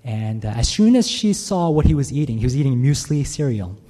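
A man delivers a sermon in a relaxed, conversational way, often checking in with the congregation. His voice is mellow and a little husky. A long reverb trails behind him, as in a large church sanctuary. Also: mid-range voice, a little fast. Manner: conversational, frequent "right?" checks with listeners. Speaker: pastor.

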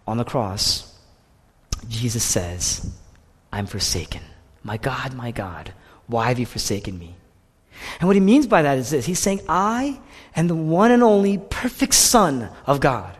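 Man, pastor, sermon, husky tone, lively swinging pitch, long hall reverb. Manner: impassioned preaching, swinging from loud to hushed whispers.

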